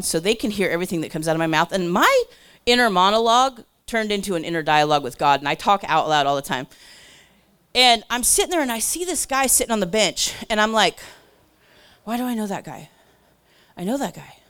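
A woman tells a church crowd a story in a lively, conversational way. She fills it with asides and quick side comments. Her voice sits in the middle of the range and jumps from loud bursts to hushed whispers. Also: mid-range voice, clear, resonant tone. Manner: chatty, lots of "like" and asides. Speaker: church speaker.

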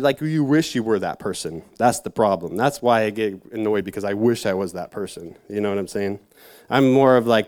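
A man's voice: fairly low pitch, a little mellow. A man giving a casual, rambling sermon to a youth group, full of fillers and self-mocking asides. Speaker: youth church speaker.

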